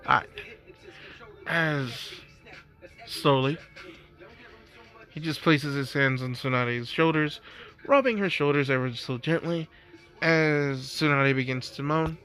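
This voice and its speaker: A man's voice: fairly high pitch, steady tone, slow pace, long pauses, bright, forceful tone. A young man casually narrating an improvised fan story, rambling with restarts, over faint music.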